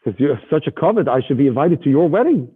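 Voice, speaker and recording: A man's voice: fairly high pitch, big pitch swings, fast, slightly rough, heavily acted. A man voicing a humble elderly sage who speaks earnestly and modestly of himself, over a tinny phone-like line. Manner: self-effacing, earnest.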